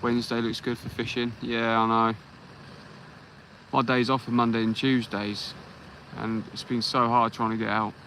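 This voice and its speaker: A man's voice: medium pitch, flat delivery, moderate pace, a bit bright, slight background noise, poor audio. An English man hosting a fishing livestream from the beach, chatting easily and greeting viewers by name. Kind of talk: casual live chat while fishing. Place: beach outdoors at night.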